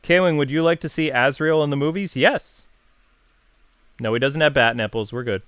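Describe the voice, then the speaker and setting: A man's voice: on the high side, moderate pace, fairly bright tone, smooth, dry recording. A man hosting a casual video channel, chatting enthusiastically and answering viewer questions with frequent fillers and self-corrections. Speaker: YouTube host.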